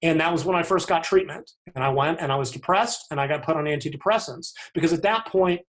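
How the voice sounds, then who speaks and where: A man's voice: a little high, quick pace, a bit bright. A man guesting on a podcast, talking frankly and reflectively in loose conversational sentences that often restart. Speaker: podcast guest, fitness author. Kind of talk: candid conversational interview.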